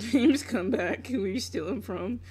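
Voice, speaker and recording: A woman's voice: mid-range voice, a little slow, a little mellow, breathy edge. A young woman chatting casually on a live stream while she draws, laughing often, swearing freely and teasing her viewers.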